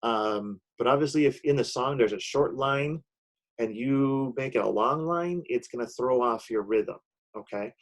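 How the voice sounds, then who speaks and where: A man's voice: medium pitch, unhurried. Man teaching a lesson, checking in with "okay?". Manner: explanatory, many "okay?" check-ins and "um" fillers. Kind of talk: recorded online lesson with screen share.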